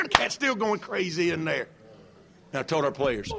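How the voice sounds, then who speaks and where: Animated Southern coach with a drawl. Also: male voice, high-pitched, fairly quick, vocal fry, crowd noise. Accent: South Carolina Southern. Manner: animated, drawling, imitates a meowing cat. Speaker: college football coach at a press conference. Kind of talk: folksy storytelling at a press conference. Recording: archive press conference clip.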